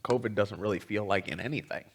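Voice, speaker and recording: A man's voice: lowish voice, fast talker, a little hiss or hum. A man giving a personal storytelling talk as a guest teacher, speaking candidly and conversationally, with frequent ums. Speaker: guest teacher at a spiritual community.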